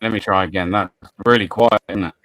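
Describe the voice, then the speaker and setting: A man hosting a live stream, talking in a relaxed, easygoing way while sharing clips. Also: fairly low pitch, a little fast, no echo. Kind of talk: casual live-stream chat.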